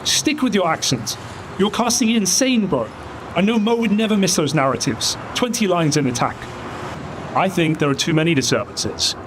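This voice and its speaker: A man with a high voice lectures a colleague in frustration. Car and street noise is clearly heard behind. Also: expressive, moderate pace.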